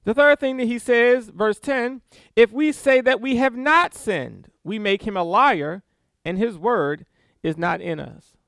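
Male preacher, high and lively, slow and deliberate, dry close sound. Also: vocal fry, clear, resonant tone, no room sound. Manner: animated, reads scripture aloud with emphatic stresses and small laughs. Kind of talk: sermon.

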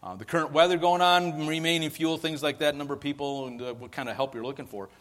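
A man's voice: on the high side, fairly even intonation, quick pace, fairly bright tone, long reverb tail. A man giving a sermon as pastor, in a conversational, casual way with ums and restarts. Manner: conversational preaching with fillers and restarts.

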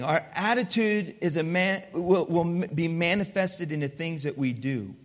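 High-voiced animated male pastor. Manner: animated storytelling, acts out dialogue. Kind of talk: sermon.

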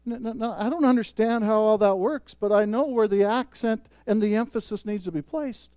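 A man preaching a sermon as pastor, emphatic, swelling loud on key points and dropping soft. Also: high voice, moderate pace, no echo.

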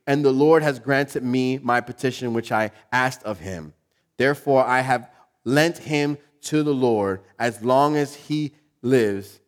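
A pastor preaching a sermon, moving from quiet conversational asides to loud emphatic peaks, acting out quotes as he tells stories. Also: mid-range voice.

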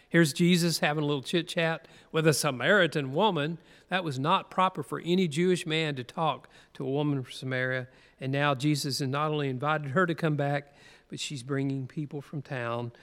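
A man's voice: fairly high pitch, a bit bright. Earnest preacher man in a reverberant hall. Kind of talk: sermon, reading scripture aloud.

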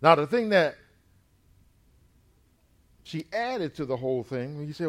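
A preacher with a somewhat high voice retells a scripture story as a sermon. He punctuates his telling with "amen" and moves between quiet, slowed passages and loud bursts. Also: very animated.

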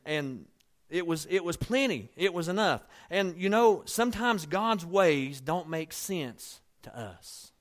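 A man preaching a sermon in a conversational, storytelling way, dropping to soft asides and rising to emphatic points. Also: mid-range voice. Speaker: pastor.

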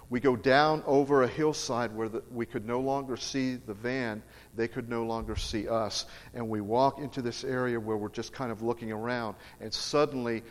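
Middle-aged preacher in a reverberant hall. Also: male voice, medium pitch. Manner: emphatic, earnest storytelling with frequent restarts. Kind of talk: storytelling sermon. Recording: long reverb of a large hall.

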